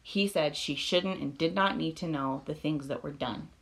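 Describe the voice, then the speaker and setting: Woman, podcast co-host, low-pitched, casual true-crime chat, filler words, swearing. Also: moderate pace, vocal fry. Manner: filler-heavy, swears freely, laughs often.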